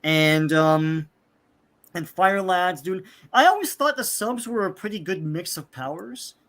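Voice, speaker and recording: Host brief: chatty man with a slightly high voice, rambling comic recap full of ums and likes. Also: measured pace, a bit bright. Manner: rambling, many fillers, acts out characters' lines. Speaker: podcast host. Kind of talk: casual comic book recap chat.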